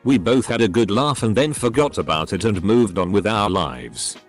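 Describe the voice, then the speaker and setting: Lively low synthetic male narrator. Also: moderate pace, faint music behind. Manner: synthetic, reads censored words letter by letter. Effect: text-to-speech voice. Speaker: narrator reading online posts. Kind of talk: scripted text-to-speech narration.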